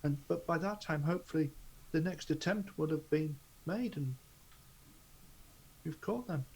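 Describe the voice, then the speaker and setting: A man's voice: a little high, unhurried, vocal fry, a little mellow, slightly rough, poor audio. A man playing a tabletop game who speaks hesitantly and repeats words as he thinks. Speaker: player.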